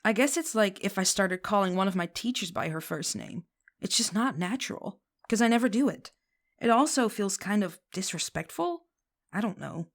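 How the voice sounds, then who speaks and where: A woman's voice: medium pitch, lively intonation, moderate pace, lightly acted. A woman voicing a tipsy young witch who talks in a casual, rambling way.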